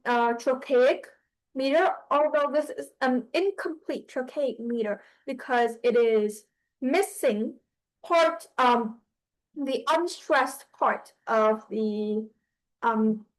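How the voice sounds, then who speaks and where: A young woman teaching an English writing class, explaining slowly with many pauses and restarts. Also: high voice, poor audio. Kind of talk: online class lecture.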